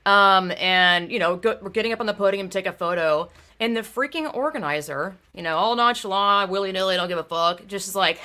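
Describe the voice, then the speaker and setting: A young woman hosting a casual talk show, blunt and profane, swinging from quiet asides into outraged rants. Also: medium pitch, a little fast, hardly any pauses. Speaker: host. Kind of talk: casual podcast chat.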